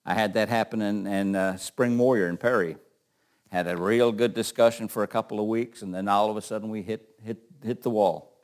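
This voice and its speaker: A man's voice: fairly low pitch, fairly even intonation, fairly quick. A middle-aged man teaching an informal Bible class, talking in a loose, joking way and often repeating words.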